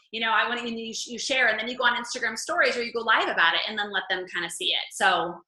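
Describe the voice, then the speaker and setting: A woman coaching a group in casual talk, chatty and animated, telling stories full of "like". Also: fairly high pitch, fast talker, few pauses, roomy sound, low-quality recording. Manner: chatty, animated storytelling with lots of "like". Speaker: fitness coach leading a group call.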